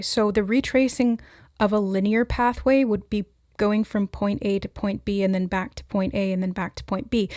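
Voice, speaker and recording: A woman giving a spontaneous spiritual reading, musing aloud with hesitant pauses as she relays what she senses. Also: medium pitch, darkish tone, no echo, studio quality. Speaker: intuitive oracle reader.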